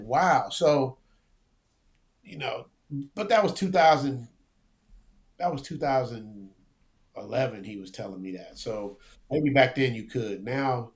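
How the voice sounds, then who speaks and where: A man talking as a guest in a casual interview, animated and slangy, often repeating words as he goes. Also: medium pitch, normal speed. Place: lives abroad, remote interview.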